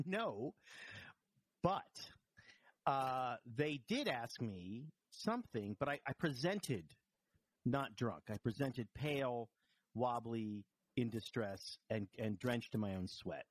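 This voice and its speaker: A man's voice: mid-range voice, animated, slow, no room sound. Wry man telling hospital stories. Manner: wry storytelling with frequent restarts and self-deprecating humor. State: recovering from vertigo, a bit wobbly. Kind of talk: casual chat.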